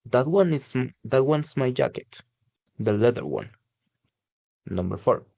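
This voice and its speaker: Slow gravelly man reading aloud. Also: medium pitch, animated, mellow, no room sound. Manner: slow and hesitant, with fillers. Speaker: student. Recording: dull dry lo-fi mic.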